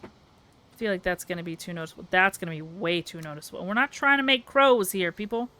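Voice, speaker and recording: Chatting casually with viewers on a live stream, a young woman from the American South builds in a game and mutters her thoughts aloud, sleepy and giggly. She speaks fairly quickly in a low, sharp-toned voice, and the recording is dry.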